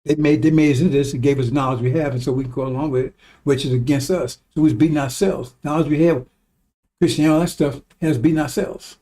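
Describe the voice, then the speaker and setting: A man's voice: on the high side, fairly even intonation, quick pace, dark tone. A man giving a rambling, emphatic religious talk, swearing when he gets worked up. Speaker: religious teacher. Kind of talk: informal religious teaching.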